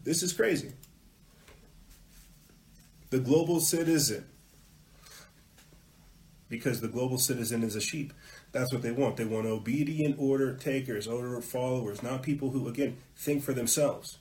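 Male podcast host, heated rant, mid-pitched voice, muttered asides and loud hammering emphasis. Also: steady tone, fairly quick, rough recording. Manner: profane at peaks.

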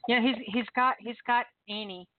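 A woman's voice: a little high, steady tone, measured pace, dry recording. A woman calling in to a radio show, chatting casually and laughing often. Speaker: caller. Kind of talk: casual phone chat. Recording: tinny phone line.

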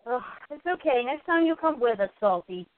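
High-voiced woman telling a story on a tinny line. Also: moderate pace, a little hiss or hum. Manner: animated storyteller, mimics her pet bird. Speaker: co-host. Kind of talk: casual chat. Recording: tinny phone-like sound.

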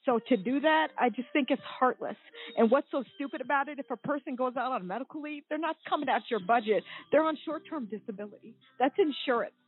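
A woman in her forties tells her own story as a guest on a talk show, her voice husky and slightly high. She speaks with raw emotion, at moments near tears. The sound is a dry, tinny phone line. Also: fairly quick. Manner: emotional, tearful at times. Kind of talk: personal account on a talk show.

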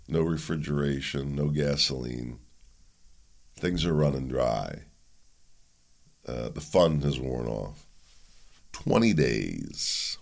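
Deep gravelly-voiced male podcast host. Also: fairly bright tone. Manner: rambling, musing, speculative. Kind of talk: solo commentary monologue.

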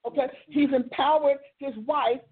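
A woman who hosts a ministry show, teaching a sermon with emphatic storytelling and drawn-out stresses, in a husky voice. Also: high-pitched, fairly even intonation. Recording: tinny phone-line sound.

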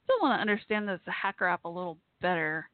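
A woman with a fairly low voice talks fast while hosting a casual live call-in show, rambling in a warm, friendly way with frequent fillers and restarts. The audio is tinny, phone-line-like and dry, with no echo.

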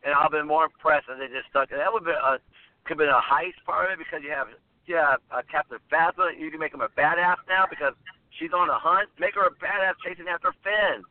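Excitable man on a tinny line. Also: on the high side, fast talker, dry recording. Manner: excitable, rambling, searches for words. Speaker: podcast co-host. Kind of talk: casual chat. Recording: tinny phone-like sound.

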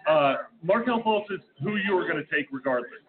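A man's voice: on the high side, expressive, a little fast, crowd noise. A man co-hosting a casual live show, teasing his friends and running the game. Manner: teasing, runs the segment. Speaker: podcast co-host. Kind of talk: casual chat. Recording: tinny lo-fi line.

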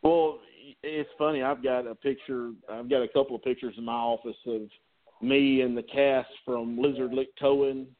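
A man, chatting in a relaxed way as a podcast co-host. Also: medium pitch, moderate pace. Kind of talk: casual chat. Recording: phone-like audio.

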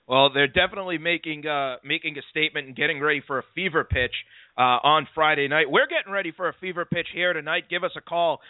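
A man hosting a sports talk show, chatty and excitable, throwing in quick asides. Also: on the high side, dry recording. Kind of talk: casual sports radio talk. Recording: dry, tinny phone-like line.

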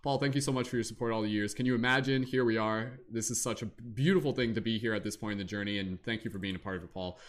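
A man hosts a live online panel at a rapid clip, his voice sitting on the low side. He rambles casually and enthusiastically, tossing in "like" and restarting his sentences. He is heard over a video call. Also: steady tone.

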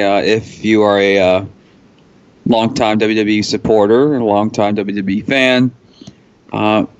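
Halting low-voiced man chatting wrestling. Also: clean tone, lo-fi sound. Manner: halting, full of ums and restarts. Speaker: podcast co-host. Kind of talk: casual wrestling chat.

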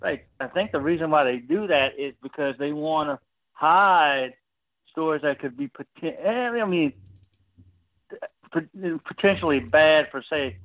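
A man's voice: a little high, measured pace, no echo. Man calling in over a tinny phone line. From Louisiana. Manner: rambling, repeats himself, trails off. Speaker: caller. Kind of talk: casual talk radio call.

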